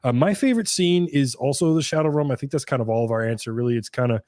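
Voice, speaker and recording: A man co-hosting a live stream movie discussion, speaking in an easygoing, halting way with restarts. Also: medium pitch, a little mellow, no echo. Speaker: podcast co-host.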